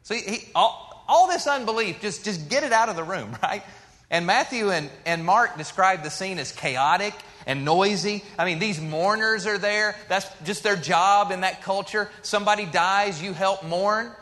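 Man, pastor, sermon, high bright voice, conversational, swells and hushes, reverberant church hall. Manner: conversational preaching, rises for emphasis then drops soft and slow. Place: church sanctuary.

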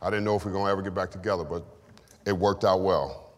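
A man's voice: low voice, fairly even intonation, fast talker. A man preaching a sermon and giving testimony, with call-and-response lines to the congregation. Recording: long hall reverb.

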